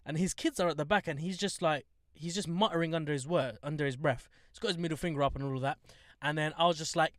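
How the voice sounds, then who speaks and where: A young man with a London accent, co-hosting a podcast and telling a story in lively casual chat, acting out other people in high voices. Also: fast talker, dry recording, clean studio sound. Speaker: podcast co-host. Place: studio.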